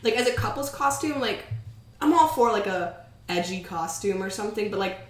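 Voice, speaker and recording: A woman's voice: medium pitch, lively intonation, a little fast. A woman in her twenties co-hosting a podcast, telling stories in a rambling, filler-heavy casual chat. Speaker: podcast co-host. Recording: echoey, distant from the mic.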